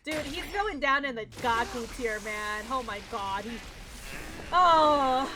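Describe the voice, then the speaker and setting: A woman's voice: fairly high pitch, expressive, moderate pace, background noise. A young woman streaming a visual novel, ranting emotionally to her chat, swearing and near tears. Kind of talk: casual game commentary to chat. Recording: faint background game music. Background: game audio and music.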